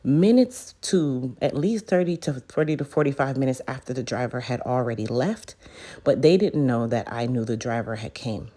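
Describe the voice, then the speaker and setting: A woman's voice: very deep voice, lively intonation, moderate pace, mellow. A woman in her thirties, a hair care business owner, chatting straight to her viewers in a casual storytime vlog. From United States. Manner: chatty, addresses viewers directly.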